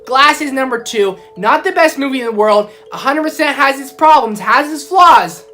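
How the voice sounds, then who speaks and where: A woman reviewing films in a casual vlog, excitable and easily riled up as she rants. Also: high voice, moderate pace, soft background music. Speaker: film vlogger. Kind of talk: casual movie review rant.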